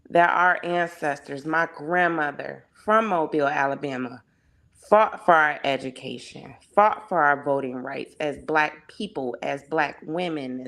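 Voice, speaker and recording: Low-voiced, unhurried woman, impassioned. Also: a bit bright. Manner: impassioned, heavy on rhetorical questions. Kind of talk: casual discussion.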